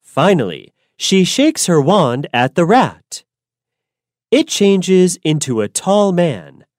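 A woman narrating a simple storybook in a clear, deliberate way. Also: sits low, a little mellow, dry recording, studio quality. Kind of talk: slow storybook reading for learners.

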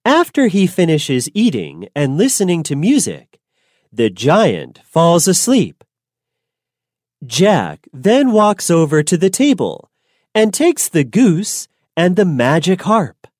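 Slow, lively storybook narrator woman. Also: lowish voice, no room sound, clean studio sound. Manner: clear, simple and deliberate.

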